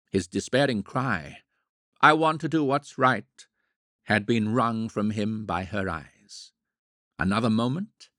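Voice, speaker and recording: A man narrating an audiobook in a measured, expressive storytelling way. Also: fairly low pitch, gravelly, husky, no room sound, clean studio sound. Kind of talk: scripted narration.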